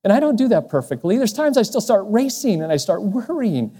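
A man preaching a sermon as a pastor, speaking in a personal, earnest way, with soft, lowered passages. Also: animated, brisk, hardly any pauses. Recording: long hall reverb.

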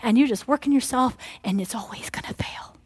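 A middle-aged woman preaches an animated sermon, dropping to hushed whispers and rising to loud exclamations as she voices the devil and God. Her voice is fairly high, fairly quick, and husky, in a dry recording.

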